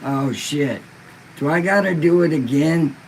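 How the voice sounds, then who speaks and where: A laid-back livestream podcast host, stoned and in pain, reads viewer comments in a rambling, profane way. His voice is on the high side and gravelly with a measured pace, and the recording is low quality with slight background noise.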